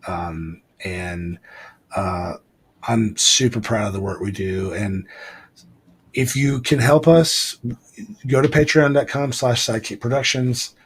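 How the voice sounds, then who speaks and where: A podcast co-host talks casually on a live show, rambling with many ums and restarts as he thanks listeners and appeals to them. His voice is lowish, slow and slightly rough, and the audio quality is poor.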